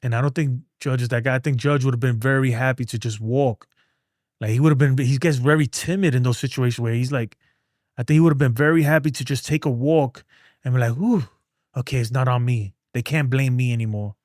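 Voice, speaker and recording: A man's voice: mid-range voice, steady tone, quick pace, a little mellow, no room sound, studio quality. Slangy, rambling man talking sports. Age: adult with a son. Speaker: streamer. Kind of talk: casual sports talk.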